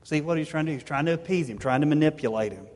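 A man's voice: a little high, lively intonation, racing, a little mellow. A pastor, preaching a sermon in an earnest, conversational way, often restarting his sentences. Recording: long reverb of a large hall.

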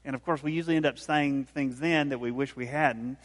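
A man giving a conversational sermon, retelling scenes with lively, animated voices and frequent restarts. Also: medium pitch, brisk, in a large hall. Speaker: pastor.

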